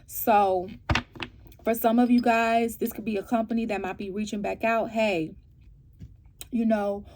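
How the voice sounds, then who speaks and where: A woman's voice: a little high, moderate pace. Chatty woman doing a tarot reading. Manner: animated, checks in often with "right?" and "okay?"; exasperated rhetorical questions. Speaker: tarot reader. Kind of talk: casual tarot reading to viewers.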